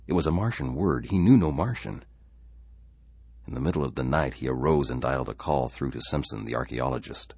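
A man reading a story aloud in an expressive, measured way. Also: extremely low pitch, slightly rough, no room sound. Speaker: narrator.

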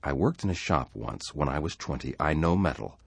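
A man's voice: rumbling low, expressive, brisk, gravelly, husky, no echo, heavily acted. A man voicing an anxious, stubborn settler who is driven by fear. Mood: tense.

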